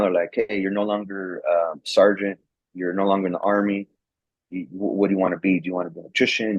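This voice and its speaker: A man's voice: sits low, slightly rough, no room sound. A man, a former soldier, telling a story in a casual, rambling way and acting out the quoted dialogue, often repeating words. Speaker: guest, former National Guard soldier. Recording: dull lo-fi sound.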